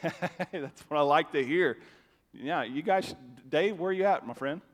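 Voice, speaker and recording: Male pastor, slightly high voice, casual animated sermon delivery, long church reverb. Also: unhurried. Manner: conversational, animated, with stammered restarts. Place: church sanctuary.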